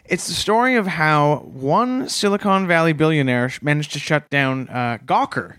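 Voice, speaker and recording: A man co-hosting a comedy podcast, chatting casually with a deadpan joking manner. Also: a little high, normal speed, clean tone, no room sound, studio quality. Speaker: podcast co-host.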